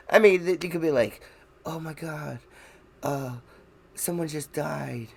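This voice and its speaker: A man's voice: a little high, a little slow, creaky, slightly rough. A man co-hosting a casual podcast chat, rambling, swearing freely and laughing often. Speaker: podcast co-host.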